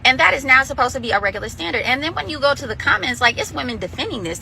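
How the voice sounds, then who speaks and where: Woman ranting in a clip, bright voice, kinda high, faint noise behind. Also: animated, racing, gravelly, few pauses, poor audio. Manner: incredulous, questioning. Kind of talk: casual commentary video.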